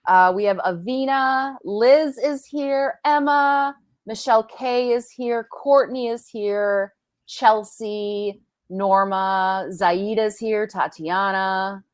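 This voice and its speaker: A woman's voice: mid-range voice, slow. A woman co-hosting a podcast in casual chat, easygoing and talkative. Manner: chatty, easygoing. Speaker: podcast co-host.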